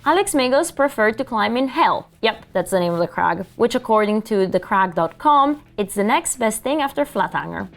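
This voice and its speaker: Woman co-host, climbing news, animated pitch, light music under. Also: moderate pace, creaky, hardly any pauses. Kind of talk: news show banter and read reports.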